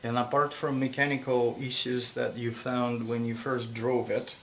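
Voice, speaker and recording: A man hosting a casual car chat, talking slowly and hesitantly with frequent laughs, recorded inside a small old car. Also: mid-range voice, level tone. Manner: slow, hesitant, laughs often. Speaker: host. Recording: loud car and road noise.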